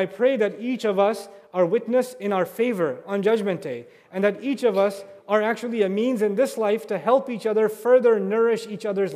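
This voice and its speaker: A man's voice: high-pitched, darkish tone. Earnest preacher man in a reverberant hall. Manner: earnest, repetitive, rhetorical questions. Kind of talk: sermon. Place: mosque hall.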